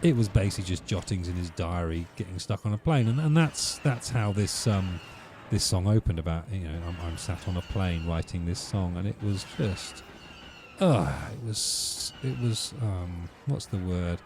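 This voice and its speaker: Male let's-play host, warm low voice, faint hiss behind, rambling ranty commentary. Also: lively intonation, moderate pace. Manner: ranting, wry asides.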